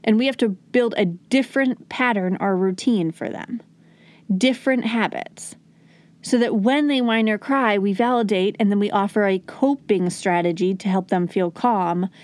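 A woman's voice: medium pitch, moderate pace, no echo. Earnest woman coaching parents. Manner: earnest, coaching, acts out gentle lines to a child. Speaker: parenting educator. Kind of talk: instructional talk to parents.

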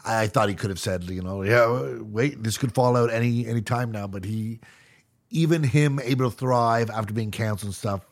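A man's voice: lowish voice, moderate pace. A man co-hosting a podcast, making his points in casual debate. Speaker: podcast co-host.

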